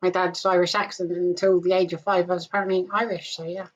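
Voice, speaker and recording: A woman hosts an interview with friendly, upbeat questions, her voice sitting a little low. The sound is dull and lo-fi, thin at the top. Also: level tone, quick pace. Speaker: show host. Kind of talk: interview hosting.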